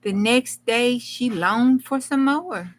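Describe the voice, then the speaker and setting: A woman's voice: on the high side, slow pace, low-quality recording. A woman hosting a crafting channel, reading a fairy tale aloud in a folksy way with chatty asides. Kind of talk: storytelling read-aloud with casual asides.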